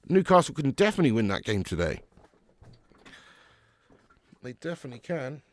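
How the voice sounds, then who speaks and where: A man's voice: mid-range voice, very animated, moderate pace, long pauses, no room sound. A man hosting a live football watch-along, commentating and chatting with viewers, reading out their comments. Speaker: watch-along stream host.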